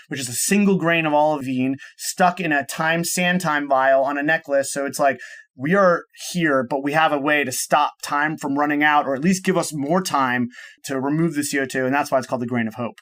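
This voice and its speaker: A man's voice: on the high side, fairly bright tone. A man speaking as a guest on an interview show, explaining enthusiastically and rambling, often restarting his sentences and linking ideas with "and so". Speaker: podcast guest, startup cofounder. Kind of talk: casual explanatory interview talk.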